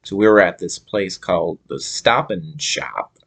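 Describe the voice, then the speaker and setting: A young man from Minnesota telling a casual story to camera, halting with many fillers and restarts. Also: low-pitched, lively intonation, a bit bright. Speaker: vlogger.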